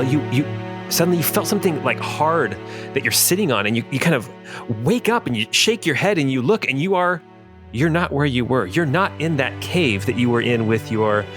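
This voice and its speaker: A man hosting and game-mastering a tabletop fantasy game, narrating scenes with frequent fillers. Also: medium pitch. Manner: fillers and restarts, descriptive narration.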